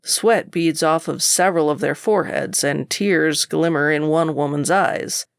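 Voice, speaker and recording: Gravelly woman narrating an audiobook. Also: low voice, measured pace, no echo, clean studio sound. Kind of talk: first-person audiobook narration.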